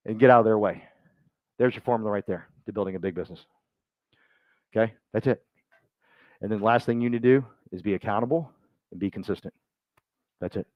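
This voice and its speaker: A man's voice: lowish voice, expressive, a little fast, long pauses, no echo, muffled recording. A man giving a loose, joking motivational talk to a room, rambling and acting out the voices he quotes. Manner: rambling, self-mocking, acts out quoted voices. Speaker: speaker at a business meeting.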